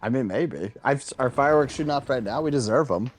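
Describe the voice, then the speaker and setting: A young man hosting a casual gaming podcast, excitable with lively reactions. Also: medium pitch, brisk. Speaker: podcast host.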